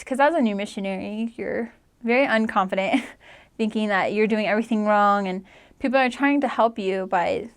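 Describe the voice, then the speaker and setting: A woman's voice: medium pitch, clear, resonant tone. A woman in her twenties, a returned missionary telling her story in a chatty, emotional way and saying "like" often. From United States. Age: 20s. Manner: chatty, leans heavily on "like", emotional at times. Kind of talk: casual personal storytelling.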